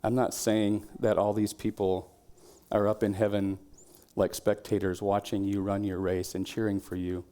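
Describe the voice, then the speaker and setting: Pastor preaching in a low voice. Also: male voice, little pitch movement, normal speed. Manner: conversational preaching, drops to quiet tones, shouts quoted cheers. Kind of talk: sermon. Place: church.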